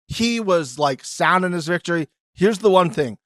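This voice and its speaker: A man's voice: measured pace, few pauses, no room sound. A man co-hosting a podcast, chatting casually and animatedly, swearing and mimicking others. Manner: animated, swears, mimics people in high voices. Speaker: podcast co-host. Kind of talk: casual recap chat.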